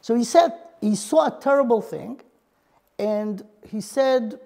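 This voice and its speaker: Woman teaching Torah earnestly, high voice. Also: takes it slowly, creaky, dark tone. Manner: explains earnestly in broken English, mixing in Hebrew terms. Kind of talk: Torah lesson.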